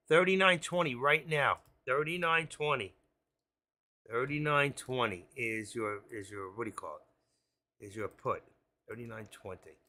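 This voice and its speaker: A man giving excitable, frantic live commentary on his options trades, talking straight to viewers. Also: medium pitch. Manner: excitable, frantic, swears mildly, talks to viewers as folks.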